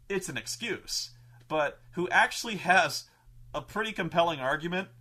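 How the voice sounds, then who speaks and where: A man telling gaming stories in a casual monologue, animated, swearing and acting out players' quotes in raised voices. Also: high voice. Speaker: show host telling tabletop gaming stories.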